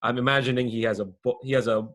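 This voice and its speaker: A man's voice: medium pitch, fairly even intonation, fast, a bit bright. Man, game master, tabletop game, mid-range voice, loose casual talk, laughing, fillers.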